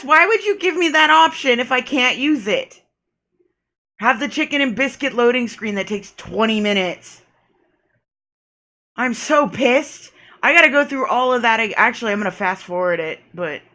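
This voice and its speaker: A woman's voice: fairly high pitch, animated, measured pace, pauses often, pushed and bright. A young woman streaming a dating game, reading its narration aloud and ranting and swearing at it in casual commentary. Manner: reads game narration aloud, then rants and swears in frustration. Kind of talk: live gameplay commentary.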